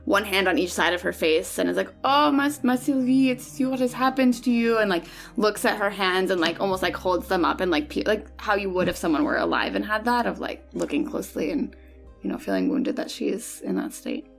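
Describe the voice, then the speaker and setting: A woman's voice: on the low side, brisk, vocal fry, a bit bright, soft background music. A woman player who describes her character's actions, chatty and full of "like".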